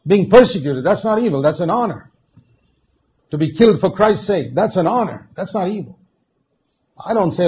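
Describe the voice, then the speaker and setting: A man preaching a sermon, emphatic, dropping to quiet asides and then rising to loud, stressed words. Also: fairly high pitch, fairly quick. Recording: dull lo-fi recording with faint noise.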